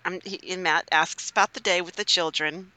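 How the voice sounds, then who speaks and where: A woman in her thirties, a stay-at-home mother, chatting casually and telling animated stories with frequent laughter. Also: fairly low pitch, brisk, no room sound, poor audio. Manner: animated storyteller, laughs often. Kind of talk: casual chat.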